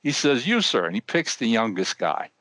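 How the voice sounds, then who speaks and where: An older man co-hosting a podcast, telling a long joke with animated voices for the characters. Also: mid-range voice, normal speed, no echo. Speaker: podcast co-host. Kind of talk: telling a joke, casual chat.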